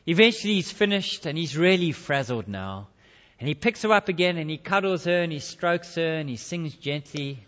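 A man's voice: a little high, expressive, fairly quick. Dramatic male preacher in a reverberant hall. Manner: dramatic, swinging between loud and hushed. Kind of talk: sermon storytelling. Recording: dull lo-fi sound with long hall reverb.

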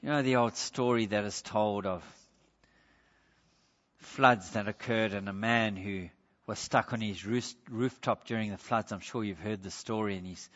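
A man preaching a sermon as pastor, impassioned, swinging from loud emphasis to hushed appeals. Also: lowish voice, big-room sound, muffled recording.

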